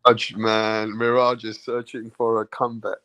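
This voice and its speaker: A man hosting a casual live-stream chat, teasing and goading a guest with loud rapid taunts. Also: lowish voice, completely flat delivery, no echo, dull audio. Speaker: show host.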